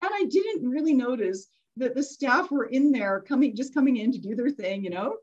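A middle-aged woman giving a motivational talk to a group, chatty and animated, laughing often as she tells stories. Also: a little high, moderate pace, breathy edge. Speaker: speaker teaching a group. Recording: dull lo-fi recording.

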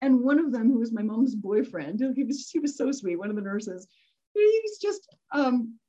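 A middle-aged woman speaks to a group in a high, slightly breathy voice. She tells stories in a chatty, animated way and laughs often between her points. The recording is dull and lo-fi. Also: moderate pace. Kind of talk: motivational storytelling talk.

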